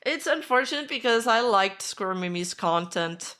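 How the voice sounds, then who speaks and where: Bright-voiced woman streamer reacting. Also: on the high side, expressive. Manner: chatty, self-deprecating, quick to defend herself. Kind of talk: casual reaction commentary.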